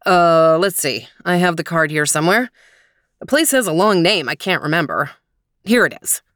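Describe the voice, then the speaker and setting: A woman voicing an upbeat, persuasive father in a storybook, in a fairly low, close voice. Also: expressive, moderate pace, fairly bright tone, no echo. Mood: playful. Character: cheerful scheming dad full of big ideas.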